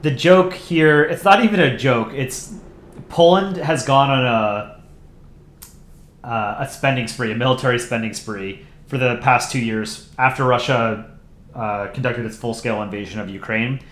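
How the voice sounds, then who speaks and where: A man's voice: medium pitch, unhurried, fairly bright tone, echoey room. Chatty man hosting a livestream. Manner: chatty and rambling, full of fillers and little laughs. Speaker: livestream host. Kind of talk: casual livestream commentary.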